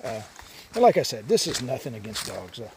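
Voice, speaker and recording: A man's voice: mid-range voice, sing-song, fairly quick. Rambling hiker man on a noisy trail. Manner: rambling and easygoing, many "uh" fillers. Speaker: long-distance hiker vlogger. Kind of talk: casual vlog monologue. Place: outdoors on a mountain hiking trail. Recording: outdoor noise behind the voice.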